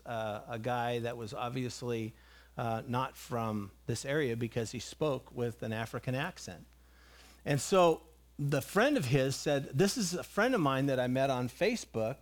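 A man who is a pastor speaking to his congregation in a conversational way, with asides to the room. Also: medium pitch. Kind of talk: church announcements and talk.

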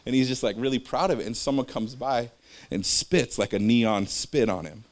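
At a moderate pace and mid-range pitch, a man gives a casual religious talk that keeps drifting into personal anecdotes before returning to the point. His delivery is rambling and conversational, sprinkled with filler words.

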